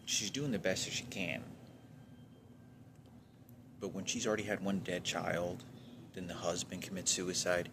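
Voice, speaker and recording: A man's voice: low-pitched, noisy background. A man from Texas venting in a rambling, agitated monologue with heavy swearing, trailing off often.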